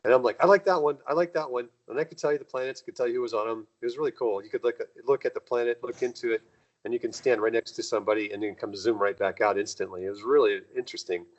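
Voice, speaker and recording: Low-voiced man telling rambling stories. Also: fairly even intonation, very fast, lo-fi sound. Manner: rambling, acts out quoted dialogue with jumps in pitch. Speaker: guest. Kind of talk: casual conversational storytelling.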